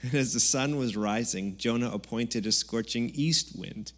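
A man's voice: medium pitch, unhurried. A man preaching a Sunday church sermon in a conversational, jokey way, now and then raising his voice. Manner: conversational, jokey preaching with sudden loud bursts. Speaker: pastor. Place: church service.

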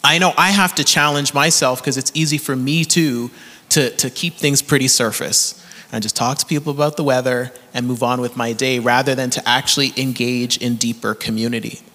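A man's voice: mid-range voice, steady tone, normal speed, sharp tone, long reverb tail. A man in his thirties with a Canadian accent, preaching a sermon in an earnest storytelling way, laughing often. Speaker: pastor.

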